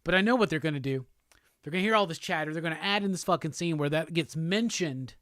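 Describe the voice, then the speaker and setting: A man's voice: fairly high pitch, quick pace, fairly bright tone, no room sound, studio quality. A man hosting a live show, chatting loosely and profanely while reading viewer comments aloud. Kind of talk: casual livestream chat.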